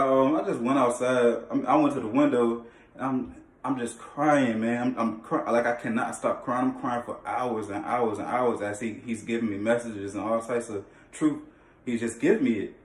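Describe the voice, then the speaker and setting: A young man telling a personal faith testimony in casual, slangy talk, emphatic and full of repeated phrases and restarts. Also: medium pitch. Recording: echoey room, mic at a distance.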